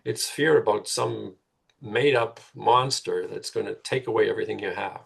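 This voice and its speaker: A man's voice: lowish voice, moderate pace, gravelly, husky. A middle-aged man, a guest author in a conversational podcast interview, making his points earnestly and repeating words as he builds them.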